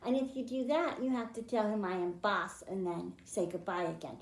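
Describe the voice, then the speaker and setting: A woman librarian leading a children's storytime, reading aloud and explaining in an animated, sing-song way. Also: mid-range voice, moderate pace, slight background noise. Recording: echoey room.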